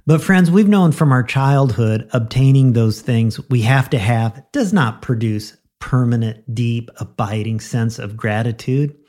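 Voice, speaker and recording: A man's voice: medium pitch, dark tone. Earnest man preaching a daily devotional. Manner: earnest, emphatic, with rhetorical repetition. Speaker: pastor and podcast host. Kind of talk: devotional sermon.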